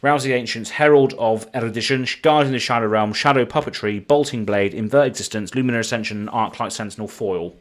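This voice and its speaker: This British streamer from the UK speaks fast in a mid-range voice with few pauses. While opening packs live, he chats casually and rattles off card names in a running list.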